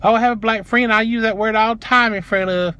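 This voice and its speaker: Brief: a breezy young woman clerk, high-ish and offhand, as a man mimics her. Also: steady tone, quick pace, pushed and bright, smooth. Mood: dismissive. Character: casually bigoted young woman store clerk.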